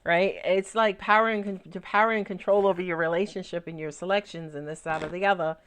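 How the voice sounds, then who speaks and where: A woman's voice: on the low side, fairly even intonation, fast talker, a bit bright. A woman giving a casual tarot reading, talking loosely and swearing freely, often tagging her lines with "right?" and acting out little storylines. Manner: acts out little storylines in put-on voices. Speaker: tarot reader.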